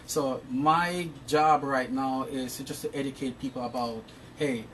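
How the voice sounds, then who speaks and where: A man's voice: medium pitch, steady tone, unhurried, a bit bright, recorded from a distance, a little hiss or hum. A man from Jamaica with a Jamaican accent, giving long, earnest interview answers about his insurance work and often restarting his words. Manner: explains at length. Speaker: interview guest, insurance professional.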